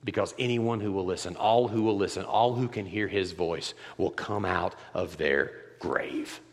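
A man's voice: lowish voice, moderate pace. Impassioned male preacher in a reverberant hall. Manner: swings from hushed to loud impassioned preaching. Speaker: pastor. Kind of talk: sermon.

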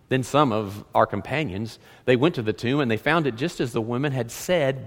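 A man preaching a sermon as pastor, reading scripture aloud and swinging from loud emphasis to hushed lines. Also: mid-range voice, moderate pace. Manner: animated preaching, reads scripture aloud, rises and drops dramatically. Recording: long hall reverb.

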